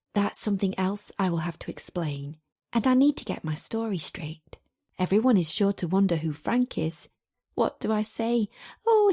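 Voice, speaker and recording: A woman's voice: mid-range voice, a little mellow, breathy edge. A woman reading a romance audiobook in the first person, in a chatty, confiding manner. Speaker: audiobook narrator.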